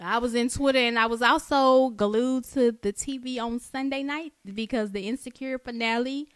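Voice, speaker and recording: A woman's voice: fairly high pitch, moderate pace, clear, resonant tone, no room sound, studio quality. A young woman co-hosting a podcast in casual, joking chat, full of slang, acting out quotes. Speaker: podcast co-host.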